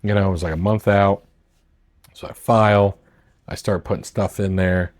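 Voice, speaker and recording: This man speaks at normal speed in a deep, steady voice. A marina owner running for office, he tells the tale of his campaign at a marina boat club in a loose, wandering way, voicing the lines people said to him.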